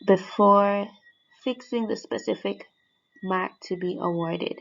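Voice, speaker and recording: A woman's voice: medium pitch, fairly even intonation, slow pace, creaky. A woman teaching, walking students step by step through a French oral exam mark scheme and repeating the key points. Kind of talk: exam guide lesson. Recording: dull lo-fi sound.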